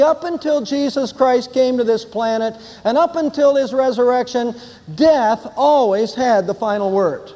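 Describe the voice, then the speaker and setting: Older pastor guy preaching easter, pretty high voice, big echoey church sound. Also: darkish tone. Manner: storytelling, emphatic declarations. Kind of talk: Easter sermon.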